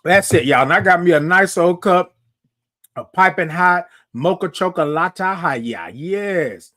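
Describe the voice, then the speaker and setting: A man's voice: high voice, animated, unhurried, bright, forceful tone. Chatty man hosting a live show. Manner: chatty, addresses viewers as y'all, repeats himself. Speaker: host of a live morning show. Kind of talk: casual livestream chat.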